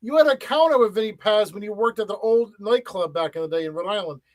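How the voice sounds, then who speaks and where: A man hosting a casual podcast, halting and stumbling over repeated words as he leads the talk. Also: high voice, dry recording. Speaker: podcast host.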